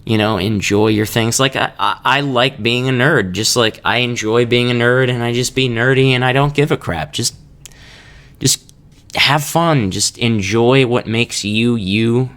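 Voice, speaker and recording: A man's voice: mid-range voice, unhurried, a bit bright. A young man hosting a casual solo podcast, rambling and joking with laughs between his thoughts. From Kansas. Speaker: podcast host.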